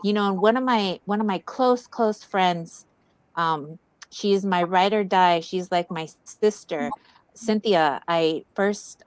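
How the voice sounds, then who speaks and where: Woman co-host, earnest and encouraging; smooth, clear voice, dry close sound. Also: on the low side, a little mellow, no room sound. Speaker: wellness event co-host. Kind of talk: heartfelt community talk.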